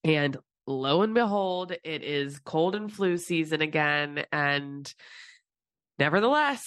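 A woman's voice: sits low, expressive, fairly bright tone, dry recording, studio quality. A woman hosting a podcast in casual, chatty talk, her voice stuffy and congested from a cold. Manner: chatty, rambling, quick asides. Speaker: podcast host. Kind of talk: casual solo podcast chat.

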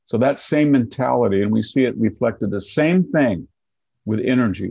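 A man's voice: mid-range voice, normal speed, gravelly, warm tone, breathy edge, no echo, muffled recording. A man in his sixties giving sardonic political commentary in an interview, often mocking opponents in quoted voices. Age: 60s. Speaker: guest commentator.

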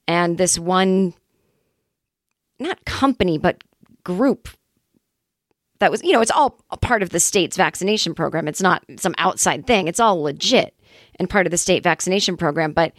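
Chatty, self-deprecating woman comedian with a lowish voice, talking through a rambling story with frank asides, the sound close and dry. Her delivery is loose and conversational, with restarts and swearing. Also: no room sound. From Los Angeles area, California. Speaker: comedian, podcast host. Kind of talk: casual storytelling monologue.

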